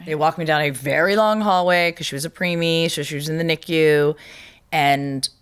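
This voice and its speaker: A woman hosting a podcast, telling a personal story in casual conversation, animated and often laughing as she acts out what others said. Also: deep voice, normal speed, smooth. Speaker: podcast host.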